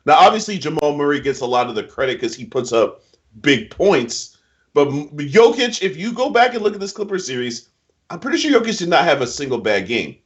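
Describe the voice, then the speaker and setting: A man's voice: very animated, fairly quick. A man co-hosting casual basketball chat, giving emphatic, slangy opinions. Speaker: NBA picks co-host. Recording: muffled low-fidelity audio.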